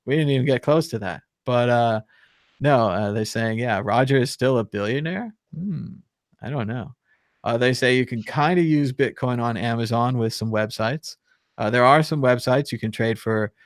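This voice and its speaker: A man's voice: mid-range voice, no echo. Male host joking and rambling on a live call-in show, dry mic, no room sound. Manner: joking, rambling, laughs often. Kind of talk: casual live show chat.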